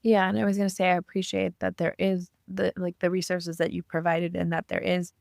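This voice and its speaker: A woman's voice: lowish voice, level tone, brisk, gravelly, a little mellow, no room sound, studio quality. A woman co-hosting a podcast, speaking thoughtfully in long rambling sentences. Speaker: podcast co-host. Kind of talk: casual interview chat.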